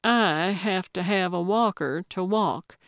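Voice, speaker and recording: A woman's voice: on the low side, slow, dry recording, clean studio sound. Woman voicing a feisty elderly lady sleuth.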